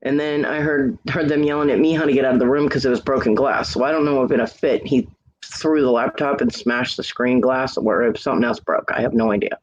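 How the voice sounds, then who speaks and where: A man's voice: medium pitch, fairly even intonation, a little fast. A man telling a long, rambling story in casual chat, swearing freely and quoting the people involved. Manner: rambling, profane, quotes others. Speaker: streamer chatting with friends. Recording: muffled lo-fi mic with faint hiss.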